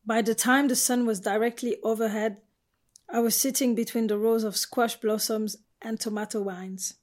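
A woman's voice: on the high side, fairly even intonation, moderate pace, a little mellow. Woman narrating a first-person audiobook.

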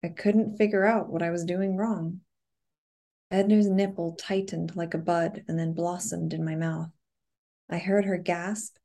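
A woman giving a soft-spoken, measured first-person audiobook narration. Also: on the low side.

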